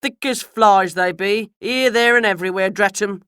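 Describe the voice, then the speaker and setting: A woman voicing a grumbling village man who talks loud in a dialect. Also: mid-range voice, moderate pace, smooth, no echo, clean studio sound, pitched above the performer's own voice, lightly acted.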